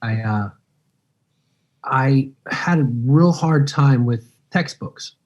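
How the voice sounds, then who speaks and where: A man in his fifties, an actor being interviewed, telling stories in a relaxed, rambling way. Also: medium pitch, slow, muffled recording. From United States. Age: 50s. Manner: relaxed, rambling, acts out quoted dialogue. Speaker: guest actor. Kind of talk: casual interview storytelling.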